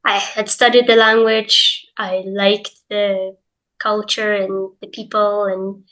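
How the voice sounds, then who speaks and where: A woman's voice: mid-range voice, flat delivery, slow pace, a bit bright, low-quality recording. A young Scottish woman with a light Glaswegian accent, an English teacher chatting casually as an interview guest with lots of hedges and fillers. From Scotland, Glasgow.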